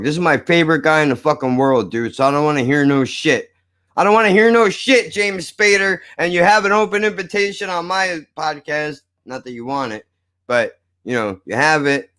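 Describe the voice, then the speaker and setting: Profane rambling man, slightly high voice. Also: bright, forceful tone. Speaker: podcast host. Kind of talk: casual podcast banter.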